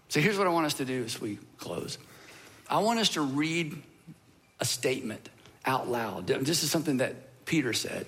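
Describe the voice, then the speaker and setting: Male pastor, slightly higher voice, earnest sermon delivery with hushed moments. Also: normal speed. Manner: earnest, swings from animated emphasis to hushed, near-whispered lines. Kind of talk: sermon closing with prayer.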